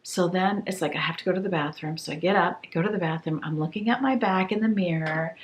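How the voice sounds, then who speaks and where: A woman from tells a home story in a relaxed vlog. Her voice sits on the lower side for a woman. She slips into the voices of the people she quotes and sounds a little tired. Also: fast, a little hiss or hum. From Maine. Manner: animated storyteller who acts out quoted voices. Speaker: home declutter vlogger.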